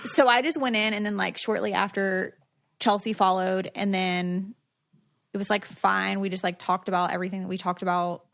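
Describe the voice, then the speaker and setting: Gravelly-voiced woman telling a story. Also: medium pitch, flat delivery, normal speed, a bit bright. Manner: chatty, many "like" fillers, quotes others in retelling. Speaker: podcast co-host. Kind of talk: casual storytelling.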